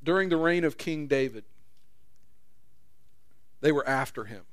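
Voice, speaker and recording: A man's voice: fairly high pitch, expressive, unhurried, no echo. A man preaching a sermon in a conversational way, acting out quotes with rising intensity. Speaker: pastor.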